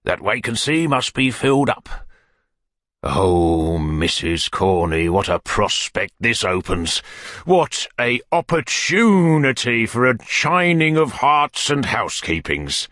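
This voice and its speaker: A man's voice: mid-range voice, sing-song, slow pace, dry recording, clean studio sound, voice pushed up. A man doing a pompous, amorous parish beadle. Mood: rapturous. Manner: wheedling and courtly, dropping to soft murmurs.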